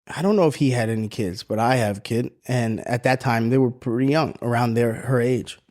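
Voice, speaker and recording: A man's voice: medium pitch, fairly quick, darkish tone. A man in his thirties co-hosting a podcast, telling a story in casual chat, acting out voices and swearing freely. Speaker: podcast co-host.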